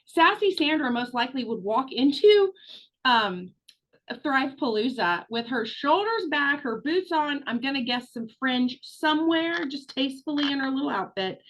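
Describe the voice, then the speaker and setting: A woman's voice: high voice, a bit bright, highs cut off. A middle-aged woman coaching a group on a video call, chatty, encouraging and frank, with the odd swear word. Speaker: business coach. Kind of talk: live online training talk.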